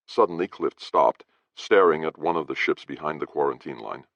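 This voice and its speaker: A man narrating an audiobook in first person with measured storytelling, in a dry, slightly dull recording. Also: rumbling low, gravelly, fairly bright tone, no room sound.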